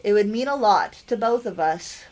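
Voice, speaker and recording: A woman's voice: mid-range voice, lively intonation, normal speed, a little mellow, lightly acted. A woman voicing a fussy, doting elderly grandmother who fires off caring questions. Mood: fond.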